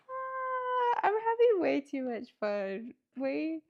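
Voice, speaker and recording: A woman's voice: very high-pitched, huge pitch swings, extremely slow, creaky, lo-fi sound. A woman at home chatting casually while building a toy kit, rambling with lots of fillers and self-talk, laughing often. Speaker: host.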